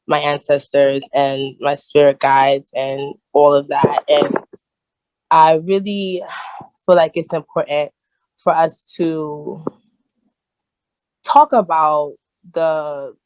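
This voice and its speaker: A woman's voice: low voice, dry recording, low-quality recording. A young woman speaking on a video call, emotional and rambling, with many fillers and restarts. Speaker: cast member.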